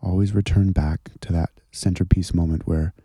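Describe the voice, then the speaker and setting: A man leading a slow, gentle guided contemplative prayer and breathing exercise. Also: sits low, fairly even intonation, breathy edge, dry recording, studio quality. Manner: slow, gentle, soothing guidance.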